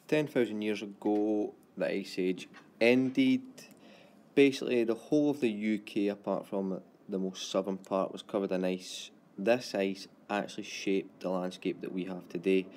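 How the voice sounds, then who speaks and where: A man teaching a geography lesson in a self-described monotone. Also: on the low side, moderate pace.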